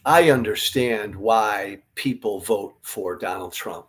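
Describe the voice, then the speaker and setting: A middle-aged man delivers a political commentary monologue at a slow, deliberate pace, his voice tired after a night without sleep. He speaks earnestly and emphatically, blunt enough to throw in the odd swear word. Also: fairly low pitch, animated. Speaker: podcast host.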